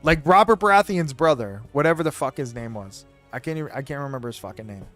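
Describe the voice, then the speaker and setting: A man streaming live, talking in a rambling, excitable, profane rant to his chat. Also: mid-range voice, fast, soft background music. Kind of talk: casual chat while live streaming a game.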